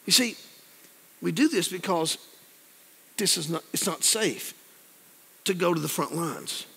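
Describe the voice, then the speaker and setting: A man in his fifties preaches in a long-echoing church hall. His voice sits high and gravelly. He tells folksy stories and acts out other people's voices as he goes. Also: animated, unhurried, long pauses, bright, forceful tone. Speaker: pastor. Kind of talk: sermon. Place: church sanctuary.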